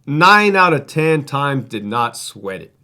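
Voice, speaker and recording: Man, former prison guard, casual storytelling, cursing, restarts, expressive rising and falling voice. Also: mid-range voice, slow pace. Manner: profane, streetwise, rambling with restarts.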